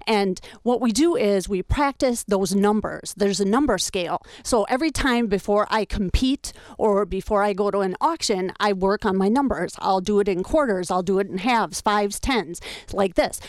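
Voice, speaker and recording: A woman, speaking as a guest auctioneer in an interview. She talks plainly, then rolls into a rapid rhythmic chant of numbers and filler words. The sound is dry and close, with no room echo. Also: medium pitch.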